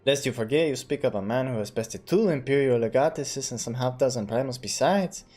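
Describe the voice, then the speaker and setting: A man voicing a stately older count, reading game dialogue in a formal, measured way. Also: mid-range voice, a little mellow, natural voice. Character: stately older male count, grave host.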